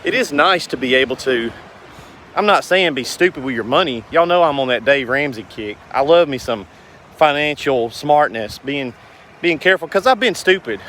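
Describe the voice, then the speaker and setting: Speaking at normal speed with a medium pitch, the man sounds expressive and a bit bright, with slight noise behind him. He's a business owner vlogger addressing viewers casually on camera, earnest, folksy and rambling.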